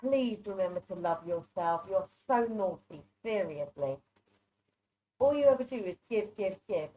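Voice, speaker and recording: A woman's voice: medium pitch, animated, measured pace, lo-fi sound. A woman doing live psychic readings over a video call, affectionate and chatty, calling people darling. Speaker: psychic reader.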